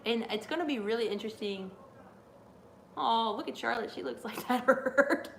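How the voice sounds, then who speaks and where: A woman streamer chatting live during a wrestling watch-along, rambling and excitable with lots of fillers. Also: on the high side, normal speed, creaky, a little hiss or hum. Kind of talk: live reaction chat.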